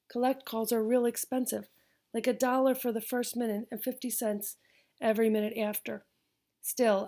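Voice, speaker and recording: Woman reading an audiobook, calm and even, warm mellow voice. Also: medium pitch. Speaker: audiobook narrator. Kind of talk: first-person audiobook narration.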